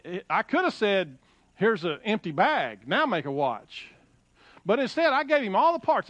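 A middle-aged man preaching a sermon, animated and repeating phrases as he quotes scripture. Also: sits high, dry recording. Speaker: pastor.

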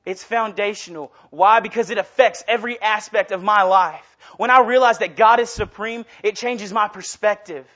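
Speaking at normal speed with hardly any pauses, this young guest preacher has a high-pitched, somewhat bright voice. His informal sermon rambles in a casual, self-deprecating way, with sentences often started over, and the lo-fi recording sounds dull.

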